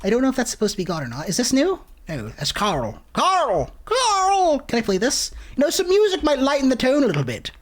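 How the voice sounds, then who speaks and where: Woman streamer, swears constantly, exasperated rants, lively high delivery. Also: fast talker, few pauses. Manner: profane, exasperated rants with sudden shouts. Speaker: streamer playing a horror game. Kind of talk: casual gameplay commentary.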